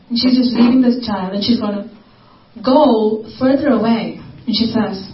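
Female preacher, high voice, dramatic repeated lines; distant lo-fi recording. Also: normal speed. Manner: repeats phrases, acts out desperate cries. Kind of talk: sermon. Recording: echoey, distant, dull lo-fi recording.

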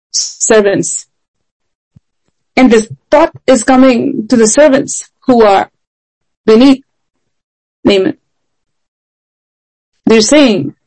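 A woman's voice: a little high, mellow, low-quality recording. A woman preaching a sermon in an earnest, emphatic way, often asking rhetorical questions.

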